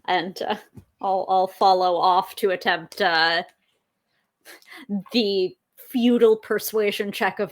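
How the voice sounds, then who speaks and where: A woman's voice: medium pitch, fairly even intonation, takes it slowly. A woman playing a tabletop game, talking casually and hesitantly. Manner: hesitant with fillers. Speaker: player.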